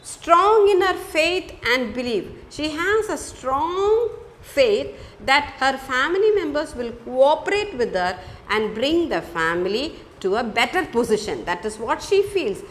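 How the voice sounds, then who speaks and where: A woman's voice: high-pitched, very animated, unhurried, fairly bright tone. A woman teaching a poem in a school lesson, explaining each line with emphatic repetition. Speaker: English teacher.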